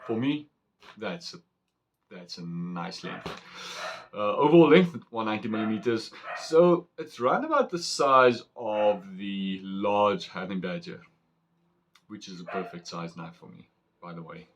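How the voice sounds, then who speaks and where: Slow, low-voiced man. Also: a little hiss or hum. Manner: chatty and excitable, rambling with fillers. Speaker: knife reviewer. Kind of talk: casual unboxing chat.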